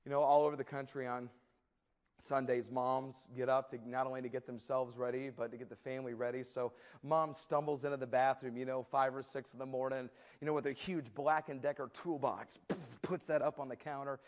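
A man's voice: mid-range voice, fairly quick. A man pastor giving a sermon, telling humorous stories and acting out the scenes. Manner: humorous storytelling, lively acted asides.

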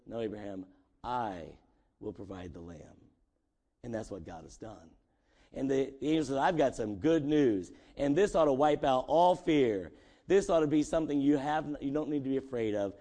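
A man preaching a sermon in a church, swinging from loud, excited lines to hushed, drawn-out ones. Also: a little high. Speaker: pastor. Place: church sanctuary.

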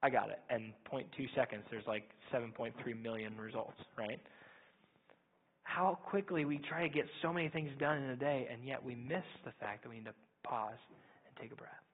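A young man preaching a sermon as pastor, quick and energetic, often asking "right?". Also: medium pitch, breathy edge. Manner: fast-talking, energetic, repeats "right?". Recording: tinny phone-like sound.

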